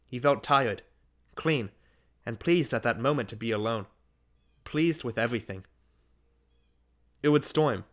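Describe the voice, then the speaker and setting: A man reading a literary short story aloud as an audiobook narrator, in a measured, unhurried manner. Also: mid-range voice, a bit bright.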